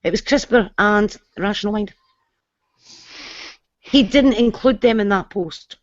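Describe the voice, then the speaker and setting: A woman's voice: medium pitch, slow, no echo. Firm woman, dry lo-fi call. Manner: indignant, firm. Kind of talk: casual online group chat. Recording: dry, dull lo-fi web call audio.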